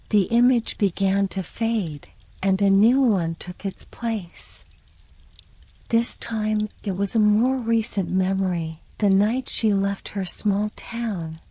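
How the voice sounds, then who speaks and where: A woman reads a bedtime story in a soft, airy whisper, drawn out and very slow. Her tone is dark and mellow, meant to lull the listener to sleep. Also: mid-range voice, rough recording. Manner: slow and soothing.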